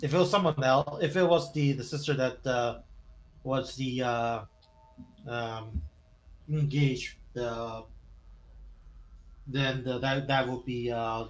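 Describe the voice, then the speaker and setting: A man's voice: medium pitch, slow, pauses often, low-quality recording. A man playing a tabletop game, thinking his moves through aloud. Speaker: player.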